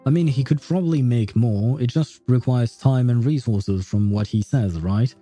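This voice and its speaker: A man's voice: mid-range voice, moderate pace, warm tone, faint music behind. Laughing, rambling man gaming. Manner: laughing, rambling, self-deprecating. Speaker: gaming streamer. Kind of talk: game playthrough commentary.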